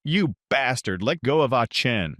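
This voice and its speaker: A man voicing a loud, bossy male squad leader in a recap story. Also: high-pitched, huge pitch swings, a little fast, no room sound, studio quality, voice pushed up, full character voice. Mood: angry. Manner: shouting, bossy.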